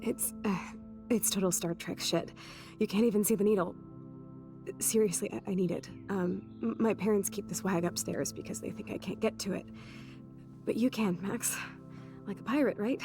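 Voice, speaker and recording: A sardonic young woman trades crude, wry banter in a game cutscene, as an actress voices her. Her voice sits in an ordinary middle pitch. Clear music plays beneath her lines. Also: moderate pace, close to an everyday voice. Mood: pleading. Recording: game audio under music.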